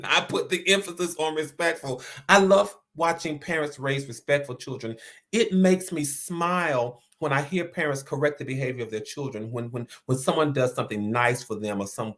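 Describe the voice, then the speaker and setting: A man's voice: medium pitch, a bit bright. A man hosting an inspirational talk, speaking earnestly and repeating key phrases for emphasis. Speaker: host.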